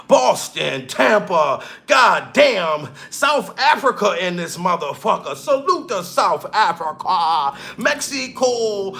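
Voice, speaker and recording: Loud excitable man ranting on a livestream. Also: sits high, creaky. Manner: loud, excitable, shouting shout-outs to chat. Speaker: livestream commentator. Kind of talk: profane livestream rant.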